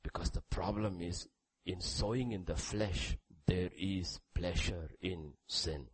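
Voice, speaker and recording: A man preaching a sermon, reading scripture aloud, with sudden loud rises and quiet drops. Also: low-pitched, takes it slowly, slightly rough, low-quality recording. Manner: reads scripture aloud with emphasis.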